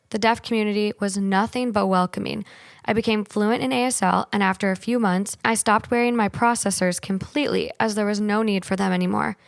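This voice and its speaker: A young woman tells her story in a steady, earnest scripted read. Her voice is mid-pitched and sounds close and dry, with no room around it. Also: gravelly, dry recording. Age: young adult. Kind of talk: scripted narration.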